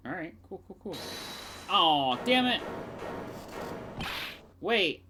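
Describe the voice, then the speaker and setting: A woman streamer chatting casually and joking while playing a game, with loud outbursts. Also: fairly low pitch, very animated, slow pace, long pauses, background noise. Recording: game music playing behind.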